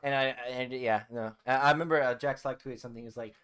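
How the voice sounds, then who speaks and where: A man's voice: mid-range voice, fast, fairly bright tone. A young man co-hosting a podcast, talking casually with dry, sarcastic, half-mumbled asides. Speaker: podcast co-host. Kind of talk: casual chat.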